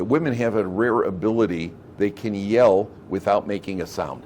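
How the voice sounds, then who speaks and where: A man's voice: lowish voice, normal speed, hardly any pauses, darkish tone, slight background noise. A man, a rabbi, giving a Torah lecture to a live class, talking conversationally, repeating phrases and acting out quoted speech in his stories.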